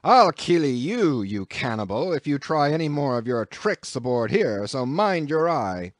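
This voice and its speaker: A man's voice: medium pitch, sing-song, unhurried, no echo, studio quality, pitched above the performer's own voice. A man voicing an angry, gaunt ship captain who roars blustering threats.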